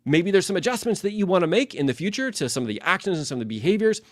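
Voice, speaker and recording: A man's voice: high-pitched, very animated, rapid-fire, no room sound, studio quality. A man, a leadership and life coach, teaching casually with many fillers and restarts and acting out sample phrases.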